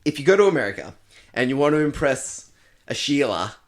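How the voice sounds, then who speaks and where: Animated Australian man telling a story. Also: medium pitch, fairly quick. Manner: animated, laughing, swearing, acting out voices in anecdotes. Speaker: podcast co-host. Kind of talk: casual chat, storytelling.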